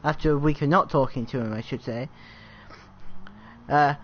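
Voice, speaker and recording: Man, gaming chat host, joking banter, mid pitch, muffled audio. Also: normal speed. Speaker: YouTuber host. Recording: muffled with faint hiss.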